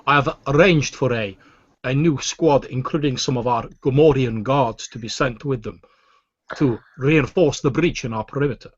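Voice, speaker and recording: A man's voice: medium pitch, normal speed, breathy edge, no room sound, pitched above the performer's own voice, natural voice. A man voicing a formal, overly polite male alien steward reporting over a comm link, recorded with dull lo-fi sound.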